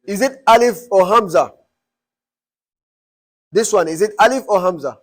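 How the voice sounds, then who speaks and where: Teacher, male, fairly high voice, quizzes the room as he explains. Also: moderate pace. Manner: quizzing the class with repeated questions. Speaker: Arabic teacher. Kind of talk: classroom teaching.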